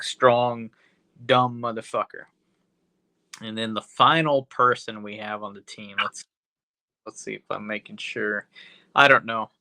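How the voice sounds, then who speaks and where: A man's voice: mid-range voice, bright, forceful tone, no room sound. A man hosting a podcast, recapping a movie in a rambling, profane, casual way full of "you know". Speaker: podcast host.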